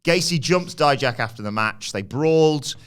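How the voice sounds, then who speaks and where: A man on a podcast, recapping a wrestling show and acting out quotes with loud shouts and laughs. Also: mid-range voice, lively intonation, moderate pace, smooth. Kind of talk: casual chat.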